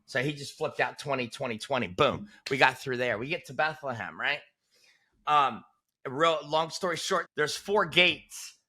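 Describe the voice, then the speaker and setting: Male interview guest in his 40s. Casual, animated storyteller with a brightish, forceful voice. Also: normal speed. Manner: animated, punchy storyteller who drops "boom" for emphasis.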